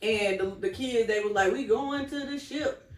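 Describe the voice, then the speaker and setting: A woman's voice: on the high side, normal speed. Chatty woman co-host, roomy sound. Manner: chatty, reads out others' answers. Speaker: podcast co-host. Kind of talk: casual chat. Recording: roomy, distant mic.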